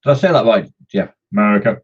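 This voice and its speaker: Chatty man, husky muffled voice. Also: mid-range voice, lively intonation, normal speed, warm tone. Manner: chatty, greets viewers by name, jokey. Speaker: scale model hobby streamer. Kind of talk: casual live-stream chat while modelling.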